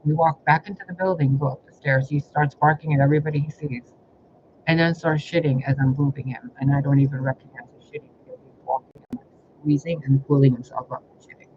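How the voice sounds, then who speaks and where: A man's voice: fairly high pitch, steady tone, fast talker. A man telling rambling personal stories in a casual vlog, exasperated and heavy on profanity. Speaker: spiritual reader recounting personal life. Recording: dull lo-fi audio with faint hiss.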